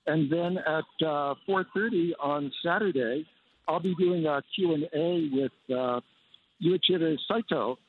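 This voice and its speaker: A man's voice: a little high, measured pace. A man reporting by phone from a busy convention center floor, upbeat and enthusiastic. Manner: upbeat, fond of colorful phrases. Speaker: animation critic reporting remotely. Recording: phone line with faint noise.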